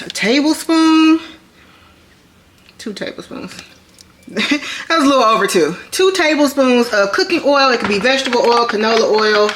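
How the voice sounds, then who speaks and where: A woman's voice: fairly high pitch, reverberant, noisy background. A woman chatting casually to her viewers as she cooks in her home kitchen, filmed by a camera on a tripod, calling them "y'all". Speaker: vlogger cooking at home. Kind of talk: casual cooking vlog chat.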